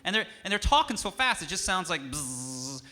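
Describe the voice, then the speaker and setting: A man's voice: sits high, lively intonation, quick pace, sharp tone. A man teaching music to a young audience on stage, playful and coaxing, drawing the children in. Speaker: music educator. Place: concert stage.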